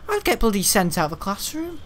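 Talking fast in a high, slightly bright voice whose pitch swoops wildly, a young male gaming YouTuber gives rambling let's-play commentary. He's chatty and meandering, drops mild swears, and keeps restarting his sentences, with slight background noise present.

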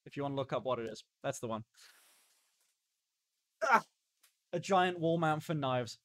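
A man's voice: mid-range voice, animated, fairly quick, long pauses, a bit bright, no room sound, studio quality. A young man chatting casually on a live stream, rambling and stopping and starting as he reacts to chat. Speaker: livestreamer.

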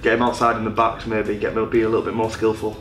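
A man's voice: fairly low pitch, monotone, racing. A young man, a rugby player, chatting casually and self-deprecatingly in an interview. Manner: laid-back, self-deprecating, chuckling. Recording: echoey room with music behind.

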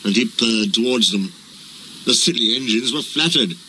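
A man reading a children's train story aloud in an even, unhurried manner. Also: medium pitch, a little hiss or hum, rough recording.

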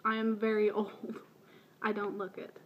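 A Baltimore woman in her early twenties, a video blogger, answers questions in a casual voice meme, with self-deprecating asides. Her light Baltimore accent drifts, and she speaks unhurriedly at a medium pitch with a level tone. The highs are cut off and there's a little hiss or hum.

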